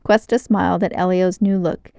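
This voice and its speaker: A woman reading a children's novel aloud in a clear, expressive storytelling manner, close to the mic. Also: lowish voice, moderate pace, dry recording. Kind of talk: children's book read-aloud.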